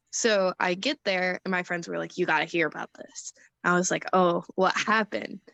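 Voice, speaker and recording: A woman's voice: lowish voice, a bit bright, smooth, dry recording. Young woman, interview guest, casual storyteller who laughs a lot; dry close recording. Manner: chatty, laughs often, acts out quotes.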